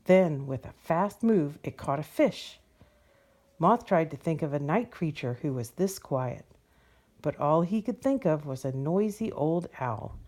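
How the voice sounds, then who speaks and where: Gentle, low, mellow woman reading a picture book aloud. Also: measured pace. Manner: gentle, expressive read-aloud. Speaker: storyteller.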